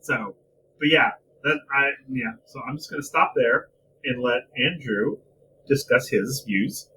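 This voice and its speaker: A man's voice: medium pitch, measured pace, bright, forceful tone, distant mic, slight background noise, rough recording. A man co-hosting a casual podcast, ranting animatedly and swearing freely about a wrestling show. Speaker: podcast co-host. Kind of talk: casual wrestling review chat.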